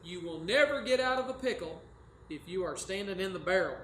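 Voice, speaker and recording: A man's voice: sits high, animated, brisk, pushed and bright, slight background noise. A man playing an emphatic, hammy daytime talk-show therapist on a live stage. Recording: live stage with room echo.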